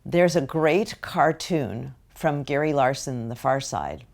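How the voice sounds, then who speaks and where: An older American woman lectures parents in a slow, deliberate way, sometimes acting out what parents say. Her voice sits low and carries a gravelly edge. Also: lively intonation, a little mellow. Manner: slow deliberate delivery with acted-out parent quotes. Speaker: parenting educator.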